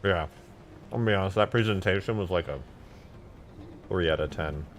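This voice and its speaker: A man live-streaming, chatting casually and excitedly with his viewers while eating and reacting to videos. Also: deep voice, a little fast, slight background noise. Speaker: livestreamer reacting to game mod videos.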